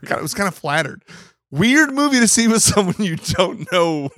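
A man co-hosting a podcast in casual chat, telling stories in an animated way and swearing freely. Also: high voice, moderate pace, dry recording, studio quality. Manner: animated storytelling, swears, mock indignation. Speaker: podcast co-host.

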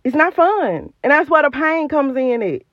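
A woman's voice: sits high, very animated, normal speed, no echo, highs cut off. A woman hosting a podcast, giving an emphatic, repetitive, preacherly motivational talk recorded on her phone. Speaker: podcast host.

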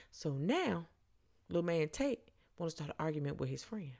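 A woman's voice: sits low, very animated, normal speed, gravelly, a little mellow. A woman hosting a podcast, telling a story in a blunt, sarcastic, dry way. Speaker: podcast host. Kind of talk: casual storytelling.

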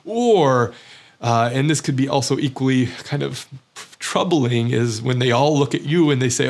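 A man's voice: mid-range voice, normal speed. A man, an immigrant, talking in a reflective casual monologue, thoughtful and hedging with frequent fillers. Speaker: immigrant sharing experiences.

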